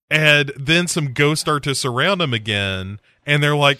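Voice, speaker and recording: A man hosting a podcast, casually retelling a horror movie's plot with jokes and quick put-on voices. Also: a little high, no echo. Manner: jokey, animated plot retelling with quoted voices. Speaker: podcast host.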